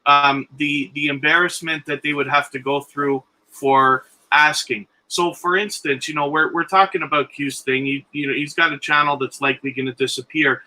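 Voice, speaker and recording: A man's voice: a little high, fairly even intonation, normal speed, few pauses, sharp tone, rough recording. A man speaking earnestly as a guest on a live stream, giving encouragement and advice.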